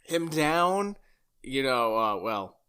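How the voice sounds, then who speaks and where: A man's voice: mid-range voice, sing-song, takes it slowly, pushed and bright, smooth. A man co-hosting a podcast, chatting eagerly about a film and jumping in with details. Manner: enthusiastic, chatty, jumps in with details. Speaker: podcast co-host. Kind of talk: casual film discussion.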